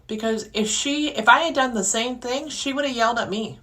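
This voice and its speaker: A woman's voice: fairly high pitch, a little fast, fairly bright tone. A woman hosting a podcast, talking in a frustrated, rambling monologue full of restarts. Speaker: podcast host. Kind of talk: casual venting monologue.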